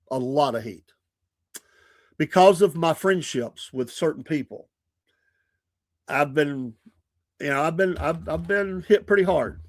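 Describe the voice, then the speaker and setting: A podcast host rambles earnestly on his live stream, frequently laughing and poking fun at himself in casual talk. He sits slightly above typical male pitch, and the sound is dry and close-miked.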